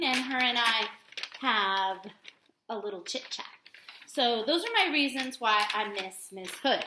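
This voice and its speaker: A woman teaching young children to write a letter, talking slowly and stretching out sounds. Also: medium pitch, bright, forceful tone, reverberant, slight background noise. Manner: slow, sing-song teacher voice that stretches out sounds. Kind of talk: remote writing lesson for young children.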